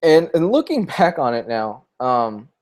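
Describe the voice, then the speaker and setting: On a relaxed comics livestream, a young male vlogger talks in an unhurried, medium-pitched voice that is very animated and darkish in tone. He's candid and emotional, occasionally choking up with tears.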